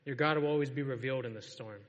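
A man's voice: medium pitch, fast, lo-fi sound. Casual, laughing male preacher. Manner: casual, storytelling, laughs often. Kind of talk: sermon. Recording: long reverb of a large hall.

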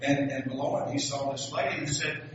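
Folksy Southern pastor in an echoey church. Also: male voice, mid-range voice, little pitch movement, a little fast, noisy background. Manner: folksy, joking storyteller. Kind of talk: sermon. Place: church sanctuary. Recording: echoey hall, distant dull mic.

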